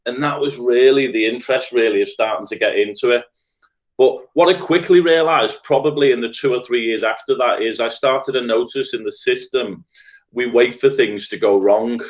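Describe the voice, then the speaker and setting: A middle-aged Scouser from Liverpool, guesting on a reflective podcast as a restorative practice trainer, talks fairly quickly in a mid-range voice. He's earnest and thoughtful, stacking his ideas into lists.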